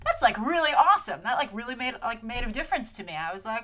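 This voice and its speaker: Lively, bright-voiced woman reviewing trailers. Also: on the high side, fast. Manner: chatty and animated, full of asides and filler words; playful, slips into mock voices when quoting. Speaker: host of a movie trailer review show. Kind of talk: casual trailer review commentary.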